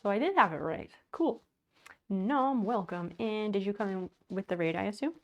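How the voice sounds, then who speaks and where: A woman livestreams casually from her home office as she sorts and handles chores, greeting viewers, thanking them and laughing frequently. She has an expressive mid-range voice at a normal speed, and the recording's highs are cut off.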